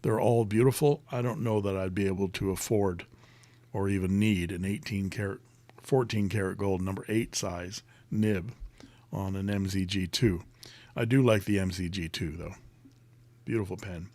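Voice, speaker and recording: A man with a lowish voice hosts a casual live stream, reading viewer comments and rambling through answers with plenty of ums and uhs. The sound is dry and close, with no room echo. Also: fairly even intonation, moderate pace, darkish tone. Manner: chatty, rambling, many fillers, reads comments aloud.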